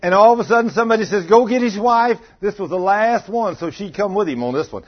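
A man preaching a storytelling sermon to a congregation, moving from hushed asides to loud pleading quotes. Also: high voice, expressive, quick pace, muffled recording. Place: church before a congregation.

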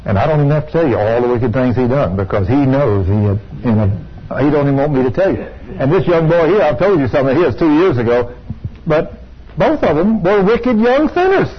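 Older preacher, husky, storytelling sermon with excited praise, dull recording. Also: male voice, mid-range voice, brisk. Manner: storytelling, rising to excited exclamations. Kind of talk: sermon with testimony. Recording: dull lo-fi sound.

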